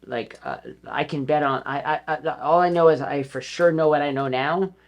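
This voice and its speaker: A man's voice: fairly high pitch, normal speed. A middle-aged man guesting on a podcast, talking in a rambling, casual way with frequent swearing, restarts and laughs. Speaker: guest, former pro skater. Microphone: podcast studio mic.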